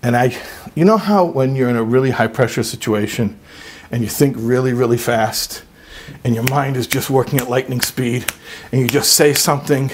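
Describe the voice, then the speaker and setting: A man telling a personal story in a sermon, animated and emphatic, sometimes dropping low and quiet for serious points. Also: normal speed, slight background noise. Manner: animated, jumps to high emphatic peaks. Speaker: religious speaker.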